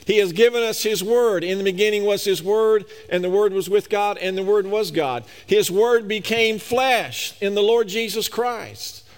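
A man's voice: high voice, moderate pace, few pauses, big-room sound. A man preaching a sermon, emphatic and speaking straight to his listeners. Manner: emphatic, addresses the congregation directly.

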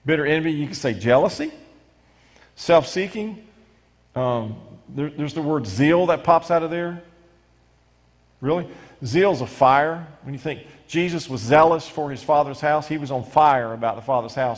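A middle-aged man preaches with lively emphasis, doubling back on his words as he reads scripture aloud. His voice sits a touch high for a man. A long reverb hangs on every phrase, like a big church sanctuary. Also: moderate pace. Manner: animated preaching with frequent restarts. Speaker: pastor. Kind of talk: sermon.

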